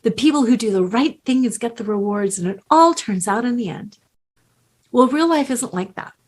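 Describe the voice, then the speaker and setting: A middle-aged woman coach giving a slow, earnest motivational talk with strong emphasis. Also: fairly high pitch, lively intonation, slightly rough.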